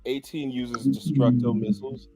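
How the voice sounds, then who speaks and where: A man's voice: medium pitch, moderate pace, soft background music. A man hosting a casual chat, talking animatedly with plenty of swearing and reading move descriptions aloud. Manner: animated, profane, reads move lists aloud. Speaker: host. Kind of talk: casual chat about anime powers.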